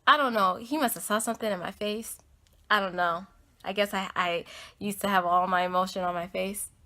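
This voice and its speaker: Her mid-range voice is fairly quick and sharp in tone. On her own podcast, this young American woman earnestly rambles through a heartfelt personal story, peppered with "like" and "um".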